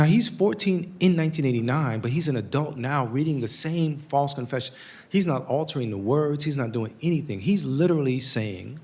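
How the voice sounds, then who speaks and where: An earnest man in his forties from the United States, speaking at a public talk. He tells his story in a steady, conversational way and acts out the quotes in it. His voice sits at a mid pitch. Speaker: guest speaker.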